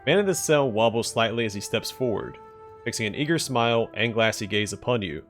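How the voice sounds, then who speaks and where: A man hosting a let's play, reading the game's narration and dialogue aloud in a plain, relaxed way. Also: medium pitch, fairly quick, soft background music. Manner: plain, relaxed reading, declines doing accents.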